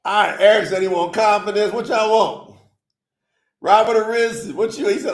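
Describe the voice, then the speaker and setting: A man's voice: sits high, fairly even intonation, moderate pace, echoey room. An upbeat man hosting a casual livestream, chatting with viewers and reading their comments aloud. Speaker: livestream host.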